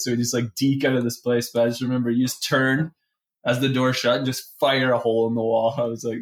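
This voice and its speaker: A man's voice: medium pitch, flat delivery, quick pace. A young man co-hosting a podcast, telling party stories in a profane, laughing, casual way. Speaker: podcast co-host. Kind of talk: casual storytelling chat.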